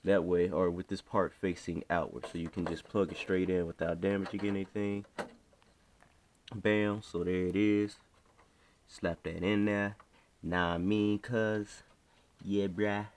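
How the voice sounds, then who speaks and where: A man's voice: sits low, little pitch movement, a little slow, darkish tone, slight background noise. A man casually talking through a hands-on repair tutorial, slangy and chatty, talking to himself as he works. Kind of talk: casual how-to narration while working.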